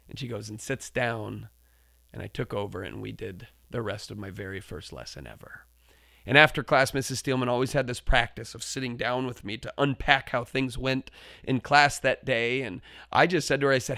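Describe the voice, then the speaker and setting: A man hosts a podcast and tells a story with lively swings, his voice jumping up when he acts out his own shouts. He sits at a middle pitch, and the recording is dry and close, with no room sound. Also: moderate pace, gravelly, dry recording. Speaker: podcast host and teacher. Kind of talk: storytelling monologue.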